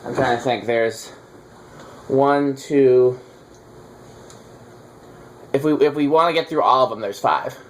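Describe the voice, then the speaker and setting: A man's voice: medium pitch, slow pace, long pauses. A man hosting a casual chat while testing ceiling fans, rambling and teasing with lots of fillers. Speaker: fan collector host. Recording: faint background noise.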